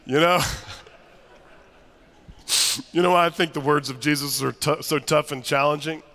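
A man preaching a sermon as pastor, telling stories with humor and lively asides to his congregation. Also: on the high side, a little slow. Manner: animated, humorous storytelling to a congregation. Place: church sanctuary. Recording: long church reverb.

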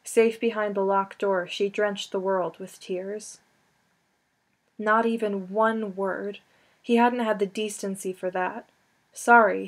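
Woman, audiobook narration, expressive, middle pitch. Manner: expressive, lingers on emotional lines. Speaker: audiobook reader.

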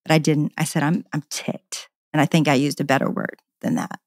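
A woman's voice: deep voice, level tone, quick pace, darkish tone, no room sound, clean studio sound. A middle-aged woman, a podcast guest, candidly telling a personal story in an earnest, passionate way and often repeating words.

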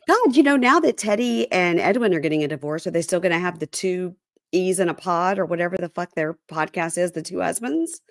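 Chatty woman host, low, dry voice. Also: animated, a little fast, dry recording. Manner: chatty, laughs often. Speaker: podcast host. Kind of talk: casual chat.

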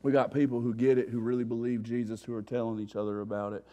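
A man's voice: mid-range voice, fast. A man giving a sermon-style testimony at a church recovery revival, telling his story in slangy street talk and acting out his past panic. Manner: animated, acts out his own past panic.

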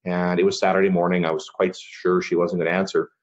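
A middle-aged man speaks as a podcast guest in a low, earnest voice. He tells his story casually and leans on "you know" between thoughts. The sound is muffled and lo-fi. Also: little pitch movement, quick pace. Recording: dull lo-fi recording.

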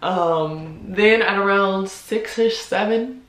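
A young woman speaks in a confiding vlog, and her voice carries a noticeable room echo. She is heartfelt and hesitant, with frequent pauses and ums. She sounds close to tears while she keeps her composure. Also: mid-range voice, a bit bright. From United States. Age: 20s. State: holding back tears. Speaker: vlogger. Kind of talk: personal confessional vlog. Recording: roomy echo.

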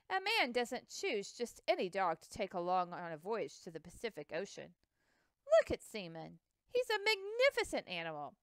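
A woman voicing a proud, excitable male expedition captain whose words tumble out in indignant bursts, in a storybook reading. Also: medium pitch, clear, resonant tone, dry recording, clean studio sound.

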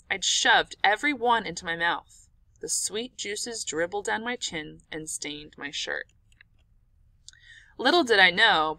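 A woman narrating an audiobook in an expressive, dramatic storytelling manner. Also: fairly low pitch, gravelly, no room sound.

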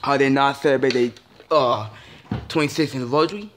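A man's voice: mid-range voice, fairly even intonation, a little fast, fairly bright tone, slight background noise. A young man ranting in a casual vlog, frustrated and swearing, with many stumbling restarts and repeated phrases. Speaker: vlogger.

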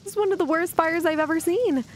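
Woman, high voice, excitable chatty let's-play commentator talking to viewers. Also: quick pace, a little hiss or hum. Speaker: gameplay commentator.

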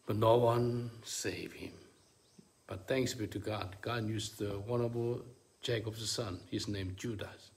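A male preacher giving a sermon in halting, non-native English full of fillers. He drops to low murmurs, then climbs into high, ringing bursts of emphasis. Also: steady tone, creaky.

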